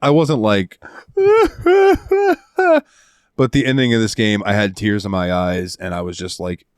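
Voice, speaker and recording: A man hosting a casual podcast, recounting a game's ending with animated, heartfelt storytelling and some swearing. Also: fairly low pitch, fairly quick, smooth, no room sound, clean studio sound. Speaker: podcast host. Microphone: studio headset mic.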